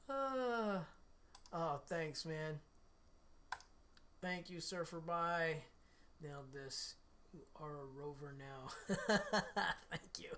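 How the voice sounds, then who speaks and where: A middle-aged man, slightly hoarse from losing his voice, hosts a livestream and chats in a relaxed, rambling way with viewers between guitar playing. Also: on the high side, drawn-out words, pauses often. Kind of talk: casual chat with live viewers.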